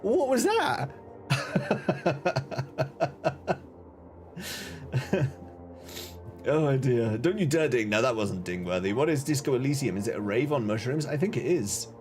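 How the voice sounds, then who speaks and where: A man's voice: mid-range voice, big pitch swings, slow pace, pauses often, a little mellow, soft background music. A man hosting a casual live game stream, greeting viewers, joking and reacting to chat. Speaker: gaming streamer.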